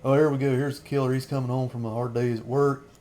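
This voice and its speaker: A man's voice: medium pitch, level tone, fast talker, a little mellow, slight background noise. A man in his thirties rambling through a casual film commentary as a channel host, chuckling often between remarks.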